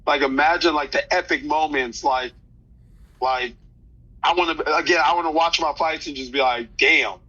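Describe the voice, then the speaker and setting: Casting: man in his 30s, very bright slightly high voice, slangy rambling interview guest, dull lo-fi audio. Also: normal speed. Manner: loose, rambling, slangy, many restarts. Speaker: fighter guest. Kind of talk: casual interview chat.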